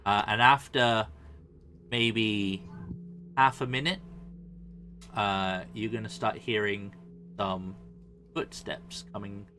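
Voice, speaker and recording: A man narrating a tabletop game as dungeon master, in a relaxed, halting way with many fillers. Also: lowish voice, a little hiss or hum.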